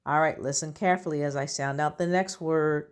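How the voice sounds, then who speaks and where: A woman's voice: low-pitched, fairly even intonation, brisk, clean tone. A woman teaching a phonics lesson to young children, patiently sounding out letters and words. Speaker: kindergarten teacher.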